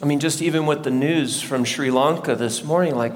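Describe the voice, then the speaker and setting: A man's voice: fairly high pitch, moderate pace, hardly any pauses. Man preaching in a reverberant church hall. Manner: conversational, asks the congregation questions. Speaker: lead pastor. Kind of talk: sermon. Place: church sanctuary before a live congregation. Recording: long hall reverb, faint background noise.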